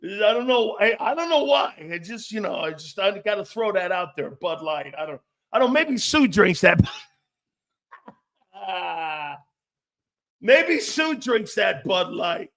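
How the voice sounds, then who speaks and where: A man's voice: sits high, very animated, measured pace, creaky, a bit bright. A man hosting a casual sports talk show, joking, rambling and laughing often between his points.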